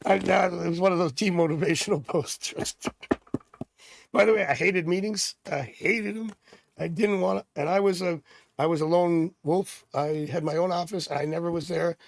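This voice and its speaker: A man's voice: a little high, creaky, no room sound. A middle-aged man hosting a live tarot stream, chatting casually and drifting off into rambling personal stories. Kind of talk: casual livestream chat.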